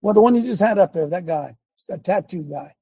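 A man's voice: high voice, animated, a little fast, warm tone, slightly rough, dry recording. A man preaching casually on a live show, folksy and emphatic, calling out to his tech crew.

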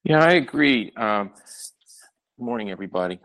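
A man joining a talk show as a guest, with a lively, rising and falling voice. He speaks earnestly and pauses with fillers as he works out his points. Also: mid-range voice. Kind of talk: casual chat.

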